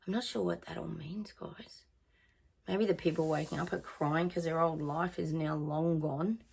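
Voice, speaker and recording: Her voice is low, creaky and a little mellow with a breathy edge, steady in tone and moderate in pace. She's a psychic doing a casual reading monologue for viewers, chatting, singing song fragments, and drifting off mid-thought.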